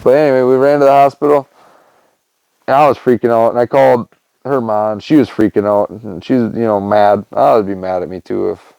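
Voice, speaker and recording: A man's voice: fairly low pitch, a little fast, gravelly, darkish tone, clean tone, no echo, lo-fi sound. A young man, a podcast host, telling a personal story in a loose, rambling way, full of fillers like "man" and "you know.". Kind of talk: casual storytelling monologue.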